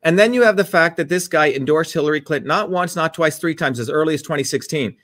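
A combative political host, talking in a scornful, heated way. His voice sits fairly high for a man. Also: a bit bright. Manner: combative, scornful, rapid asides to a producer.

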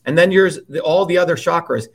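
A man's voice: fairly high pitch, fairly quick, vocal fry. A man as an interview guest, talking politics in a heated, profane and emphatic way.

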